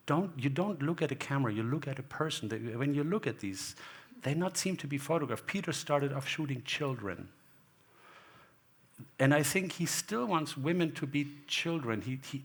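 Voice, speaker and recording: Gravelly-voiced man. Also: medium pitch. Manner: rambling, anecdotal, acts out quoted exchanges. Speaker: guest photographer. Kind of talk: onstage talk. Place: gallery hall before an audience.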